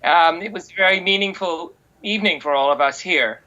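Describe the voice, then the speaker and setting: A woman hosting an interview, slowly and haltingly thanking her guest as she wraps up. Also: fairly low pitch, bright, forceful tone. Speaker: interviewer, host of the event. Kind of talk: warm closing remarks. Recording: dull lo-fi sound.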